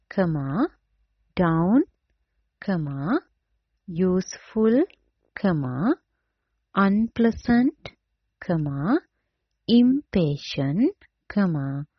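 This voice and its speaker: Woman teacher, very slow dictation, husky voice, dull lo-fi sound, dry. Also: fairly low pitch, dry recording. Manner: slow, deliberate, repeats each word and spells it out. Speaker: English teacher. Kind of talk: dictation lesson, spelling words letter by letter.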